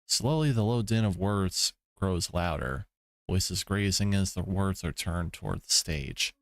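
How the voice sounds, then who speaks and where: A man's voice: low voice, expressive, unhurried, a bit bright, no room sound, clean studio sound. A man streaming a visual novel, reading the story aloud with laid-back commentary, swearing asides and chuckles. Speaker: let's play streamer.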